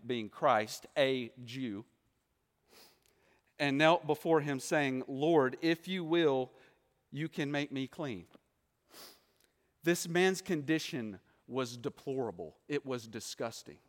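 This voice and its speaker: A man preaching a sermon, asking the listeners rhetorical questions and acting out the quoted voices. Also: mid-range voice. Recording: long hall reverb.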